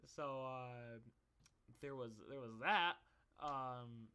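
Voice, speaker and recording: A man's voice: medium pitch, very slow, pushed and bright, smooth. A young man telling stories in a casual, rambling monologue, joking at his own expense. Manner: rambling, self-deprecating joking. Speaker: vlogger.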